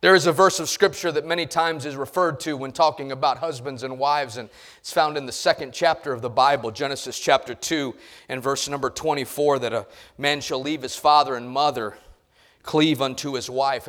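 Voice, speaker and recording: A middle-aged man preaching a sermon in a church, swinging from quiet talk to loud emphasis and acting out voices. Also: mid-range voice, steady tone, moderate pace. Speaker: pastor. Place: church sanctuary.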